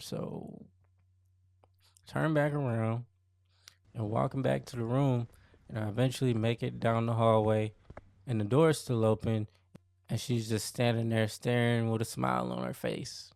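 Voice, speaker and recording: A man's voice: medium pitch, level tone, measured pace, vocal fry, long pauses, a little mellow, dry recording. A young man hosting a podcast, telling a personal story in a slangy, conversational way that often repeats itself. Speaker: podcast host. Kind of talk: casual first-person storytelling.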